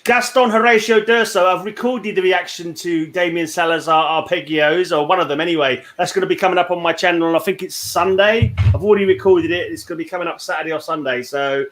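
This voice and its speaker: A man's voice: high voice, fairly even intonation, fairly quick, hardly any pauses, a bit bright. Chatty rambling man on a video call. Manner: chatty, rambling, swears and laughs a lot. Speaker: podcast host. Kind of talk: casual chat on a video call.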